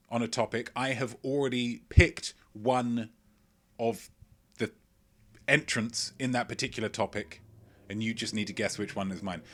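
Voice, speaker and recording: A man's voice: mid-range voice, fairly bright tone. A man hosting a live-streamed quiz from home, reading out chat messages with playful, rambling asides. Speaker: quiz host. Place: at home, indoors.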